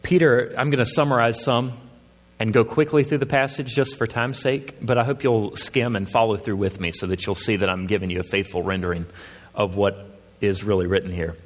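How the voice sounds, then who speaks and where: A man's voice: on the low side, fairly even intonation, fairly quick, in a large hall. A man preaching a sermon as a pastor, reasoning earnestly with his congregation and pressing his points with rising emphasis.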